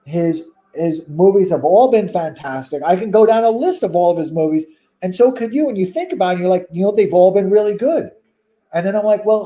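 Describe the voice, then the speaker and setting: With a warm tone and a voice that sits high, the guest keeps up his casual chat, insisting on his opinions and heaping on rhetorical questions.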